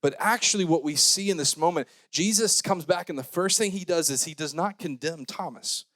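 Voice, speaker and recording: A young man giving a youth sermon, joking and talking casually, switching between loud scripture reading and quiet mumbled asides. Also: fairly high pitch, normal speed, dry recording. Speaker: youth pastor.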